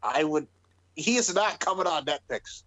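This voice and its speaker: A man co-hosting a casual wrestling podcast, excitable, laughing and swearing as he talks. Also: fairly high pitch, normal speed, highs cut off. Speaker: podcast co-host.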